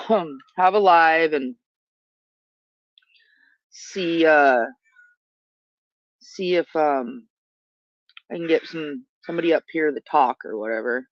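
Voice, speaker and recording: A slow-talking livestream host who rambles through casual chat and keeps trailing off mid-thought. The voice is recorded on a phone outdoors in a yard. The sound is dry and close, but dull and lo-fi. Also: medium pitch, no room sound. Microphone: phone camera.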